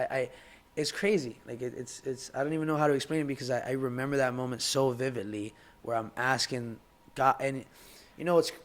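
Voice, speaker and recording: A young man talking as a podcast guest in casual conversation, heartfelt and halting, often repeating words as he searches for them. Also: mid-range voice.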